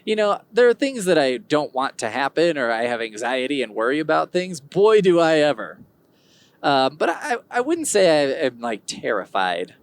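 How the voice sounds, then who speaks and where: A man's voice: a little high, big pitch swings, normal speed. A man hosting his own podcast, talking in a rambling, digressive way with wry humor. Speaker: podcast host. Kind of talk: casual solo podcast monologue.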